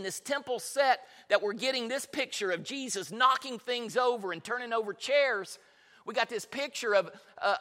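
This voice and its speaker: In a church hall with long reverb, a male pastor with a very high, bright, forceful voice preaches a sermon. He tells Bible stories with passion and plenty of repetition.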